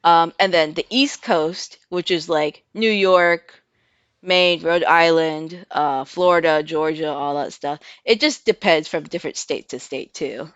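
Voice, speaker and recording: Casual female streamer from the US, chatty and excitable, dull lo-fi mic audio. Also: low-pitched, measured pace, clear, resonant tone, dry recording. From United States. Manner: chatty, lots of "like" and "um", bursts into excited squeals and laughs with swearing. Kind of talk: casual live-stream chat and trailer reaction.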